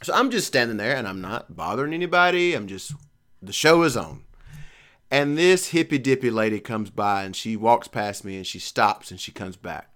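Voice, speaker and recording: A middle-aged man telling a long, profane story in casual chat, animated and playful. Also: mid-range voice, normal speed.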